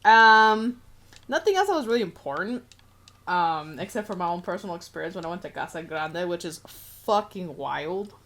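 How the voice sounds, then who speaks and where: A young woman co-hosting a podcast retells a story from work in loose, animated chat, cursing often and laughing along the way. Her voice is lowish and her pace moderate.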